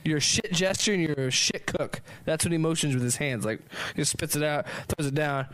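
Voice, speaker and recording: A man's voice: a little high, brisk, fairly bright tone, low-quality recording. A man improvising a rambling comic story as a podcast host, laughing often and swearing.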